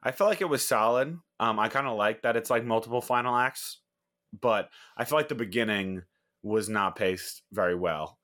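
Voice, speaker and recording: A man's voice: fairly low pitch, normal speed, a bit bright. A man co-hosting a podcast, giving casual, laid-back opinions on a movie. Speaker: podcast co-host. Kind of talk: casual movie review chat.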